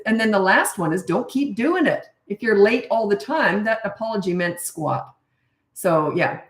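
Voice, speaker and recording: Blunt woman parenting coach, echoey room. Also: medium pitch. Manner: blunt, emphatic, laughs at herself. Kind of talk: casual advice monologue.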